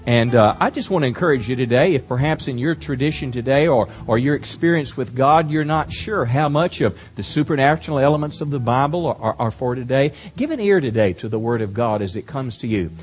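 A man's voice: medium pitch, lively intonation, fairly quick, few pauses. A man preaching as the pastor, earnest, reading scripture verse by verse before introducing a guest. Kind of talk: sermon. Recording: faint music behind.

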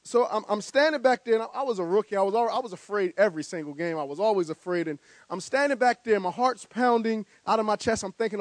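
High-voiced man telling a lively story. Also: fast talker, few pauses, no room sound. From New Jersey. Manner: animated, vivid storyteller, stammering repeats. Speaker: guest speaker. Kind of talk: storytelling speech.

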